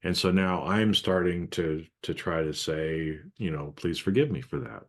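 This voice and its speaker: A man co-hosting a podcast, talking things through in a reflective, halting way in casual conversation. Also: low-pitched. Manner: reflective, speaks in short halting phrases. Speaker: podcast co-host.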